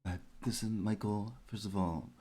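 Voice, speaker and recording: A man playing a tabletop game, talking in a rambling, hesitant way while trying to smooth things over. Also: on the low side, steady tone, normal speed, dark tone. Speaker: player. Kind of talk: tabletop role-play.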